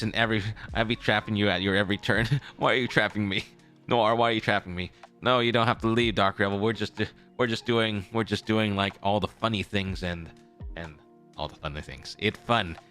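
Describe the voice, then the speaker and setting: Low, bright-voiced young male streamer. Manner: rambling, self-correcting, repeats phrases. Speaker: streamer in character as a traveling merchant. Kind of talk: casual live-stream chat to viewers.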